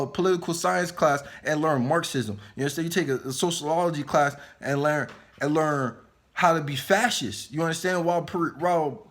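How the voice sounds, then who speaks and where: A man's voice: fairly high pitch, a bit bright. A man delivering an impassioned political monologue, lecturing and emphatic, tagging nearly every sentence with a rhetorical check-in. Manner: emphatic, repeats "you understand?" after nearly every line; preachy, lecturing. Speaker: commentator.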